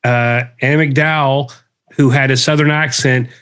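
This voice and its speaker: A man's voice: mid-range voice, fairly even intonation, measured pace, fairly bright tone, clean tone. Male co-host, casual chat, easygoing delivery. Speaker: podcast co-host.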